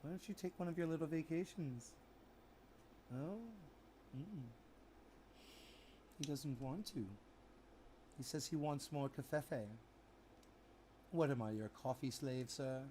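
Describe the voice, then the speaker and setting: A man's voice: fairly high pitch, takes it slowly, long pauses, dark tone, slight background noise. A man casually narrating a vlog while trimming plants, theatrical and teasing as he bickers with someone off camera.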